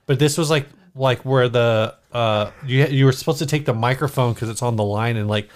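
Male co-host, casual chat, laughs easily, average pitch. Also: brisk. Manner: chatty, laughs through anecdotes. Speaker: podcast co-host.

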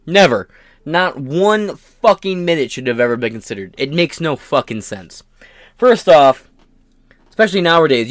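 A man's voice: fairly high pitch, very animated, normal speed, no echo, clean studio sound. A man hosting his own podcast, ranting in a profane, sarcastic and combative way. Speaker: podcast host.

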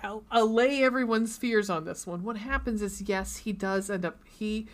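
A woman's voice: medium pitch, normal speed. A woman co-hosting a podcast, chatting casually and gushing about books, swearing freely. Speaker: podcast co-host.

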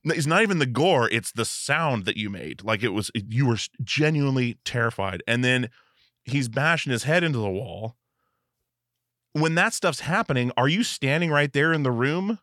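A man's voice: mid-range voice, animated, moderate pace, sharp tone, dry recording, studio quality. An American man hosting a podcast interview, asking eager questions that tumble out with restarts. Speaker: podcast host.

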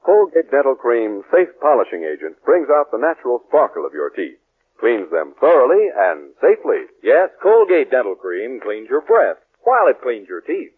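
A man's voice: mid-range voice, slightly rough. A man announcing and reading a commercial on 1940s radio, polished and emphatic. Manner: polished, emphatic salesman delivery. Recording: tinny old radio broadcast.

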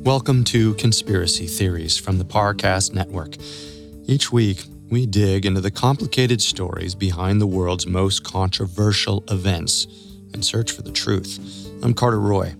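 Brief: very low male voice, solemn scripted podcast narrator, soft music under. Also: creaky. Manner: measured, solemn storytelling. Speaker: podcast co-host.

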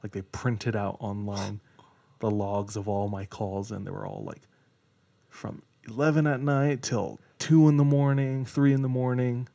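A man's voice: medium pitch, flat delivery, measured pace, creaky, dark tone. A young man co-hosting a podcast, telling a rambling personal story with frequent laughs. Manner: laughs often, rambling, says dude. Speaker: podcast co-host. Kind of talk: casual chat, personal anecdote.

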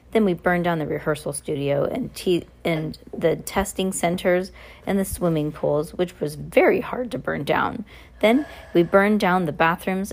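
A woman reading aloud and voicing a gleeful, boastful female arsonist villain with a deep, purring voice. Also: natural voice.

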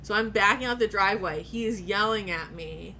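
A woman's voice: mid-range voice, fairly quick, pushed and bright, a little hiss or hum. A woman telling a personal story in casual chat, candid and profane, often laughing as she talks.

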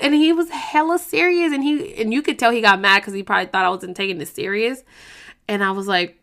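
A woman's voice: fairly high pitch, a little fast, pushed and bright, smooth. Slangy, profane young woman telling a story. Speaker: vlogger. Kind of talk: casual storytelling to camera.

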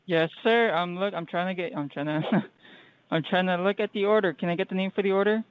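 A man's voice: high-pitched, fairly quick, clear, resonant tone, dry recording, phone-quality sound. A man working at a restaurant, answering a caller politely and hesitantly, apologizing and saying "sir" a lot. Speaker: restaurant worker on the phone. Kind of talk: phone customer service.

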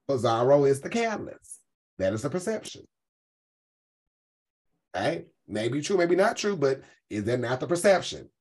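A man hosting a live stream, talking in a sassy, campy way full of "um"s. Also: sits high. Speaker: host. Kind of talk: casual live-stream commentary.

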